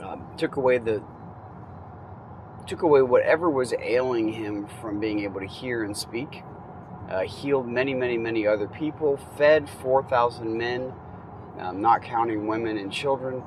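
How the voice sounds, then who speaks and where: A man teaching from the Bible in a relaxed, conversational way, reading passages and adding casual asides. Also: medium pitch, moderate pace, background noise.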